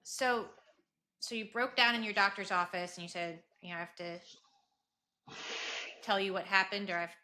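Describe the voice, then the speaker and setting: A woman hosting a podcast, asking soft, sympathetic follow-up questions. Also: mid-range voice, steady tone, normal speed, long pauses. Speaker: podcast host. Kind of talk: interview questions.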